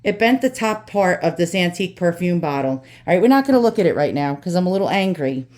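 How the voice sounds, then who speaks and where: A woman's voice: on the low side, expressive, quick pace, a little mellow. A woman with a New York accent hosting an antique unboxing vlog at home, ranting and cursing, then turning cheerful. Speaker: antique channel host. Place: home with dogs.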